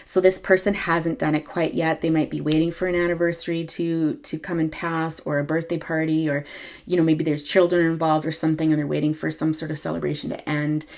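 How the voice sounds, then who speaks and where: A woman with a low voice gives a casual tarot reading to camera. She talks in a halting way, with many ums and quick self-corrections. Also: level tone, a little mellow. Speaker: tarot reader.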